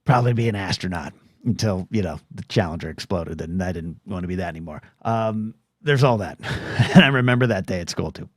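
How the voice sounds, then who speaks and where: A man's voice: deep voice, expressive, a little fast, no echo. Rambling middle-aged man, dry close sound. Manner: rambling, self-deprecating, many restarts and stammers; acts out quoted voices in short bursts. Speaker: solo podcast host. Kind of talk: rambling solo podcast monologue.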